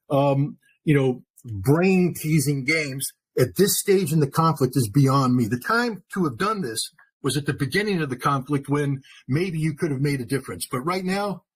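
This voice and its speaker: An American man giving emphatic, forceful commentary as a guest analyst in an interview. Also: a little high, breathy edge, rough recording. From United States.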